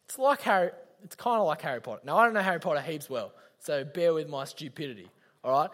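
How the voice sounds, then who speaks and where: A young man leading a youth talk speaks straight to his audience in a chatty, slangy way. His voice sits on the high side, a bit bright, with lively intonation and a quick pace, and the recording carries long hall reverb.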